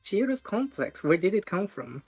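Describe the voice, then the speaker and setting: A woman's voice: mid-range voice, big pitch swings, normal speed, a little mellow, breathy edge, soft background music. A woman reading a teenage boy detective's game lines aloud in an earnest, polite way.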